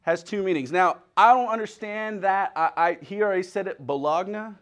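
A man's voice: sits high, fairly quick, clear, resonant tone. A middle-aged man preaching a humorous sermon, telling stories with playful wordplay. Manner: animated storytelling with playful wordplay.

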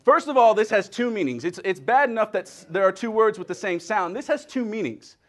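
Speaking fairly quickly in a high voice, the middle-aged preacher spins funny stories in his sermon. His delivery is lively, full of playful wordplay.

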